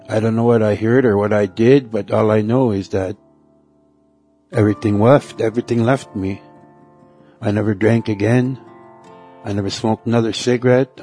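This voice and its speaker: Halting low-voiced man giving testimony. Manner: halting, repeats words, soft trailing phrases. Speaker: testimony speaker. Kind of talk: personal faith testimony. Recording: soft guitar music behind.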